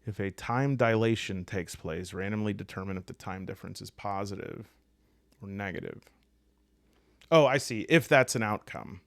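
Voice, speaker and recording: A low-voiced man with a Midwestern accent talks through tabletop game rules alone, rolling dice and reading tables aloud. He rambles, thinks out loud and drops joking asides. The sound is close and dry. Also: moderate pace, dry recording. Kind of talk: solo tabletop rules walkthrough.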